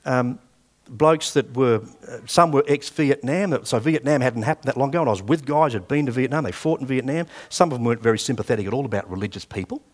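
A fast-talking man in his sixties with a mid-range voice and an Australian accent preaches a sermon. He relates personal stories conversationally, acting out what was said in the past.

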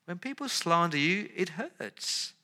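A male pastor preaching an earnest sermon, dropping into soft, pleading tones when he voices prayers. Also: high voice, very animated, measured pace.

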